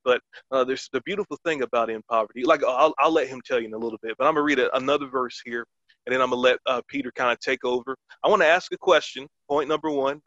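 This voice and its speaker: A man's voice: medium pitch, pushed and bright, no room sound, highs cut off. A man hosting a Christian podcast, talking earnestly and eagerly, opening with a prayer and reading verses, with many fillers. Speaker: podcast host.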